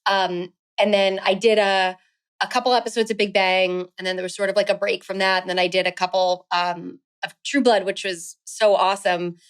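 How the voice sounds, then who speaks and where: A woman's voice: medium pitch, level tone, normal speed, smooth. An actress in her thirties chatting as a guest in an interview, filling her speech with "um" and "like.". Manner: chatty, many fillers like "um" and "like". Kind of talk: casual interview chat.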